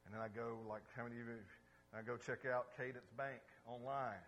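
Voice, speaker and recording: A man's voice: medium pitch, fairly even intonation, fairly quick, fairly bright tone, highs cut off, a little hiss or hum. A man preaching a sermon as pastor, emphatic and often checking in with his listeners. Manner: emphatic, asks the congregation questions.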